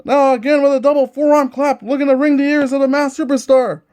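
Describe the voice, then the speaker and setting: High-voiced man calling tabletop wrestling. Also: flat delivery, fast, darkish tone. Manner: eager, repeats each move as he calls it. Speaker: host commentating a tabletop wrestling game. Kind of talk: play-by-play wrestling commentary.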